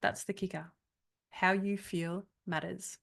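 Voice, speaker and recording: A woman's voice: fairly low pitch, fairly even intonation, unhurried, creaky, fairly bright tone. A woman, leading an online coaching workshop in a candid, chatty way with frequent laughs. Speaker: trauma coach. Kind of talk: live online workshop talk.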